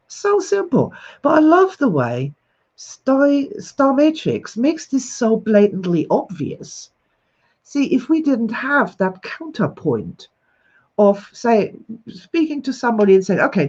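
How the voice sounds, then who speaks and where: An enthusiastic, expressive woman in her sixties who laughs often as she hosts a livestream and greets her viewers. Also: fairly high pitch, slow, breathy edge. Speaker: host. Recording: slightly dull lo-fi recording.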